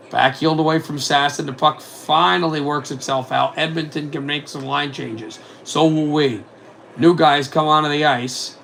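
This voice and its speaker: A man calling hockey play-by-play for a fan simulcast, in a rapid running commentary with asides on other scores. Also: medium pitch, creaky, a bit bright, slight background noise.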